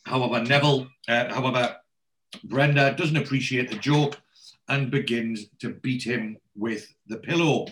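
A man recapping a TV episode in relaxed conversation, wandering off on asides and restarting his sentences as he goes. His pitch sits in the ordinary middle for a man. He sounds like a podcast host talking through the plot. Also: moderate pace. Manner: rambling storyteller, restarts and asides. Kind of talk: casual chat recapping a TV episode.

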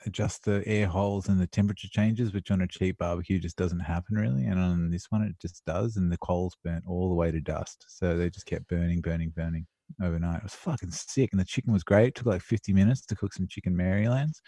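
A relaxed man who chats on a video call and swears freely. His voice sits at an ordinary, mid pitch. The sound is dry, close and plain. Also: brisk, dry recording. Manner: laid-back, swears a lot. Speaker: podcast co-host. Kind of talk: casual chat.

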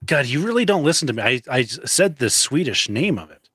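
Male podcast co-host, mid pitch, wry and chuckling, dry close sound. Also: big pitch swings, fairly quick, fairly bright tone, breathy edge, no room sound. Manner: dry teasing, chuckles often. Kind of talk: casual movie review chat.

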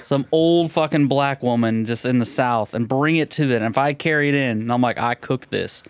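A man trading jokes in loose podcast talk, his speech full of swearing and quick laughs. His voice sits at an ordinary pitch, recorded close and dry with little room sound. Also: clean tone, no echo. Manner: profane, joking, laughs often. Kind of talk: casual podcast banter.

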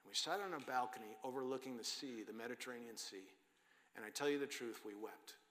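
A man's voice: medium pitch, fairly quick, slight background noise. Impassioned man preaching in a reverberant hall. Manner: impassioned, shifting from loud emphasis to hushed whispers. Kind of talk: sermon. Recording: long hall reverb with faint music.

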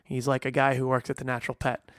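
A man's voice: mid-range voice, completely flat delivery, fast talker, no echo. A middle-aged man, a veterinarian, talking casually and earnestly, stressing points with restarts and fillers. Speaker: veterinarian and podcast host. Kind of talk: casual monologue.

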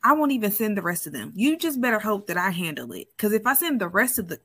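A woman's voice: medium pitch, fast, husky, no echo. A woman co-hosting a podcast, telling stories in casual chat and laughing often. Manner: laughs often, animated storytelling. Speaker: podcast co-host.

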